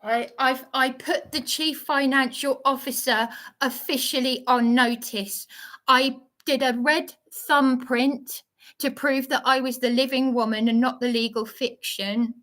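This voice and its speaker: Worked-up lady on a live stream, slow and shaky, bright voice, keeps tripping over her words. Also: sits high. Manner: shaken, indignant, stumbling over words. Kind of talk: agitated live-stream monologue.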